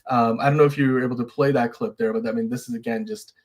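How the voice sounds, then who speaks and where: A man's voice: mid-range voice, big pitch swings, rapid-fire. Easygoing male host reading viewer comments. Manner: easygoing, agreeable, many fillers. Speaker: show host. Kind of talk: casual live-stream chat, reading viewer comments.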